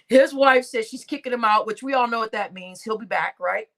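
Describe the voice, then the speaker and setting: A woman's voice: a little high, animated, moderate pace, fairly bright tone. A woman hosting a live stream, talking in a blunt, slangy, profane way, scolding people and laughing between remarks. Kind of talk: casual live stream rant.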